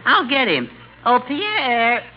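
A man's voice: extremely high pitch, huge pitch swings, highs cut off, pitched above the performer's own voice, heavily acted. A man doing a sly wisecracking boy dummy. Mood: teasing. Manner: sly, teasing, quick comebacks. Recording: hissy old radio broadcast.

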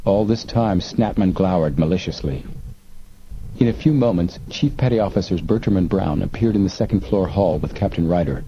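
A male narrator reads an adventure story in a measured, even way. His voice is low and very dark and mellow. The recording is dull with a faint hiss. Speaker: audiobook narrator. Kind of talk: scripted narration.

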